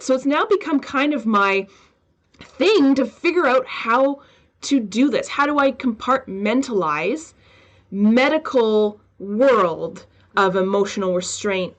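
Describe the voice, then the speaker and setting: A woman hosting a podcast in casual conversation, telling stories with animation and acting out other people's remarks. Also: fairly high pitch. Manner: animated, acts out quoted remarks in livelier tones. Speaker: podcast host.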